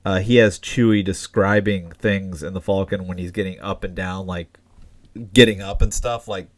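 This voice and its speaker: A man's voice: deep voice, steady tone, moderate pace. A man co-hosting a casual comics podcast, rambling with lots of fillers and restarts. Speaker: podcast co-host. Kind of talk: casual chat.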